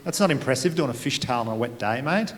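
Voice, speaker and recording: A man with an Australian accent doing a stand-up comedy set on stage, telling stories with deadpan asides. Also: mid-range voice, quick pace. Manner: laid-back storytelling with deadpan asides. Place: theatre stage at a comedy gala. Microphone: stage microphone. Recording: live hall with long reverb. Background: audience laughter.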